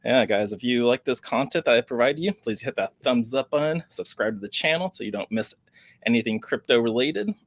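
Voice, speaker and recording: A man's voice: medium pitch, animated, fairly quick, no room sound. A man hosting a crypto news vlog, reading an article aloud with small stumbles and adding sarcastic, worried commentary. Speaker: crypto channel host.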